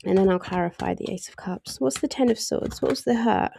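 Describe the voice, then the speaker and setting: A woman's voice: medium pitch, fairly quick, creaky, mellow. A woman giving a casual tarot reading, chatty and laughing often as she acts out little voices in asides. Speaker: tarot reader.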